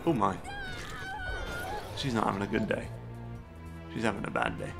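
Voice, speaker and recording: A man's voice: lowish voice, normal speed, gravelly. A man on a live stream playing a game, reading its on-screen text aloud and dropping joking asides between lines. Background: game music.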